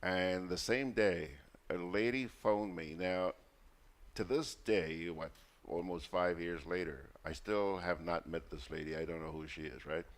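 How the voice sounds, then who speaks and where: A man with a Grenadian accent hosting a call-in radio talk show, telling stories and acting out the people in them. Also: unhurried. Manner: storytelling, acts out a caller's high voice.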